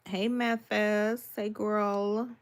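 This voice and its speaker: Her mid-range voice barely shifts in pitch and moves extremely slowly. A young Miami cooking creator on a livestream, she chats casually, reads comments, and greets viewers by name with relaxed sass.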